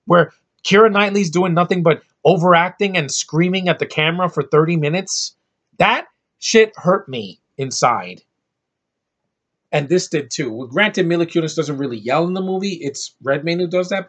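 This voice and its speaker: Husky man ranting about movies. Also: a little high, normal speed, a bit bright. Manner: blunt, profane, rambling with restarts. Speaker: movie reviewer. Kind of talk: ranting film review.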